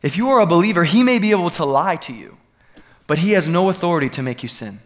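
A man's voice: fairly high pitch, expressive, fast talker. Earnest preacher man, rising to emphatic peaks. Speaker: pastor. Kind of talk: sermon. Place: church sanctuary.

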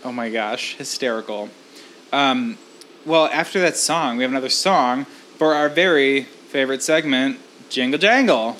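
A woman's voice: very deep voice, fairly bright tone, a little hiss or hum. A woman co-hosting a comedy podcast who chats casually and agreeably and introduces the segments. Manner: easygoing, agreeable, quick to laugh along. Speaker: podcast co-host. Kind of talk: casual chat.

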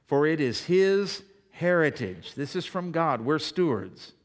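A man's voice: fairly high pitch, big pitch swings. Emphatic man preaching a sermon. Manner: emphatic preaching with dramatic pauses and sudden volume swells. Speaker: pastor.

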